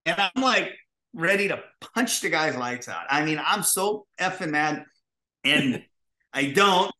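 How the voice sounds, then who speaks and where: A man who is a guest on an interview show, telling stories in an animated, profane way and acting out the dialogue. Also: a little high, a little slow, reverberant. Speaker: guest, pizza restaurateur. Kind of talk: casual interview storytelling.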